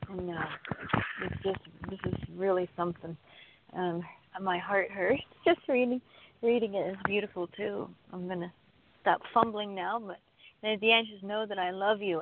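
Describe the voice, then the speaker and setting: Soft-spoken woman on a phone line. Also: medium pitch, fairly even intonation, moderate pace. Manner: emotional, soft-spoken, laughs while reading. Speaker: co-host reading poems. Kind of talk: live radio poetry chat and reading. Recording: tinny phone-line audio.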